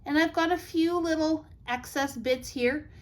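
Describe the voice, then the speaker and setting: A woman's voice: high voice, a little slow. A middle-aged woman hosting a craft tutorial, chatty and reassuring as she gives practical tips step by step.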